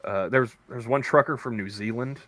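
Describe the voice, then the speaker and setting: A man's voice: medium pitch, moderate pace, fairly bright tone, no echo. Rambling man telling store stories. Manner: rambling storyteller with many restarts and laughs. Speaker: podcast co-host; convenience store worker. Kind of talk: casual chat.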